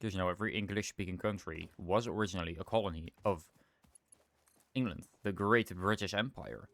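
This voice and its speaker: A man's voice: sits low, a little fast, vocal fry, a bit bright, dry recording. A young man streaming a game, thinking aloud in rambling casual commentary and often correcting himself. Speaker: livestreamer.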